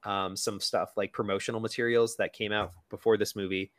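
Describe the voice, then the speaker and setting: A man with a fairly low voice chats through a movie scene by scene, loose and rambling, full of "um" and "like". The sound is close and dry, with no room echo. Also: little pitch movement, a little fast. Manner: chatty, lots of fillers, quotes characters in a silly voice. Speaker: podcast co-host. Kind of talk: casual movie commentary.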